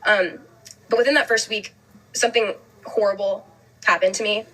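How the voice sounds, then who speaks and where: A young woman, a guest in an interview, telling a personal story in a fast, halting way full of "like" fillers. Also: mid-range voice, fairly even intonation, a bit bright, low-quality recording. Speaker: podcast guest.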